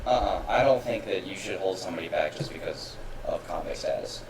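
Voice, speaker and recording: Man, podcast co-host, easygoing, low voice, background noise. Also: a little fast, distant mic. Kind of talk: casual chat. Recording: echoey room, off-mic, clear background noise.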